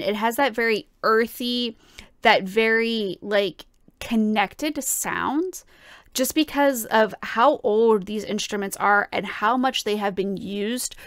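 A young woman talks through a song she's reacting to, gushing and enthusiastic, often trailing off and restarting her thoughts. Her voice sits at an ordinary middle pitch. The recording is dry and close, with no room sound. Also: fairly bright tone, smooth, no room sound. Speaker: music reaction host, flute player. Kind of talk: casual reaction and analysis.

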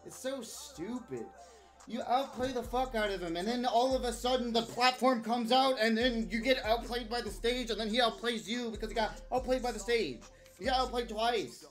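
A woman's voice: fairly high pitch, normal speed. A woman streaming a game, giving live commentary as a profane, frustrated rant. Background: game music.

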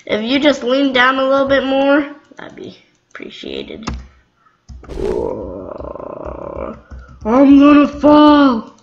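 A young woman gives excitable, giggly gameplay commentary in a high voice that jumps around a lot. She talks in an unhurried way, and soft game music runs faintly underneath. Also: creaky, dull audio. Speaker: gamer.

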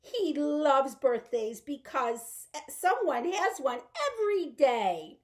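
A woman with a high voice reads a picture book to young children, coaxing them to join in. Her pitch leaps around with animated energy, and at times she drops to a hushed whisper. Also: takes it slowly. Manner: animated, coaxing, addresses kids directly. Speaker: children's librarian. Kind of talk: storytime reading with songs. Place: library, indoors.

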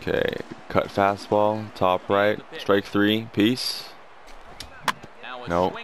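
This young gaming commentator talks slowly in a level, low-ish voice while playing, cursing a lot and bursting into angry rants at bad plays. Game music plays behind him, and a crowd is audible in the background.

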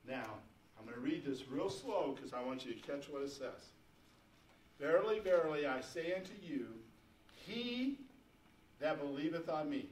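A man's voice: medium pitch, a bit bright, slight background noise. A man preaching a sermon to his congregation, folksy and conversational, rising to fervent emphasis. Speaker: pastor. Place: church sanctuary. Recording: echoey church room, mic at a distance.

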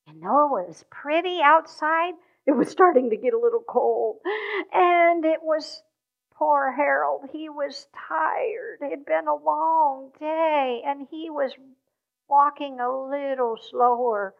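High-voiced woman telling a story to kids at church, gentle, lots of questions, muffled sound. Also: slow pace, vocal fry. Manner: gentle, asks the children questions. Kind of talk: children's story in a church service.

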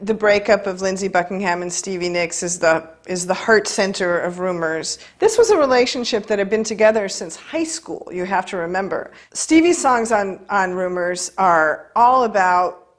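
A woman's voice: medium pitch, normal speed. Emphatic woman commenting in a documentary.

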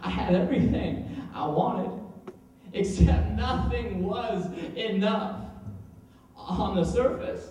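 Echoey high-voiced man performing spoken word. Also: slow pace. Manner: dramatic, swinging between hushed and loud. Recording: very echoey room, voice far from mic.

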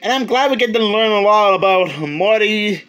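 A man with a notably high voice talks through a movie review in a casual, unscripted way. He stumbles, restarts phrases and chuckles as he goes. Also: expressive, a bit bright, clean tone. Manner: rambling, halting, many restarts, chuckles.

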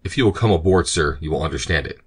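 A man's voice: extremely low pitch, expressive, fast, breathy edge, full character voice. A man voicing a frightened male ship's mate in an audiobook, speaking in a hesitating way. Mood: hesitant.

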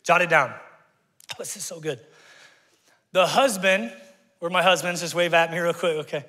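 A man in his forties delivers an energetic sermon from the pulpit, talking directly to his congregation. His voice is bright and forceful, a little higher than most men's. The sound carries a long church-hall reverb. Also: normal speed. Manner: animated, conversational preaching with asides to the congregation. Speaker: pastor. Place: church sanctuary.

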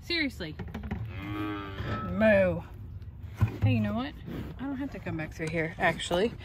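A woman with a Texan accent speaks fast and expressively at medium pitch, over some background noise. She's a farm vlogger, out on her farm chatting casually to the camera and ribbing her animals.

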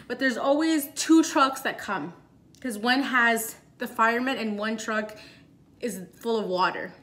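A young woman tells a story straight to camera with a bright, forceful tone. Her voice sits a little high, and she rushes through the tense parts, piling on fillers. It is a casual, animated storytime delivery. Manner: animated, breathless retelling with many fillers. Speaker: vlogger.

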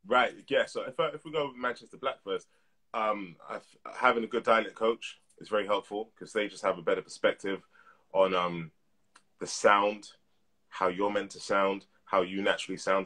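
A man in his thirties, an actor being interviewed over a live video call, talking in a relaxed, reflective way. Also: low voice. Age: 30s. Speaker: actor guest. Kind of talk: casual interview.

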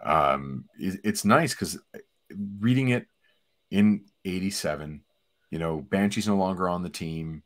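A man in his forties co-hosting a casual comic book discussion, relaxed, chatty and enthusiastic. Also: deep voice, a little slow. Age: 40s. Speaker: podcast co-host.

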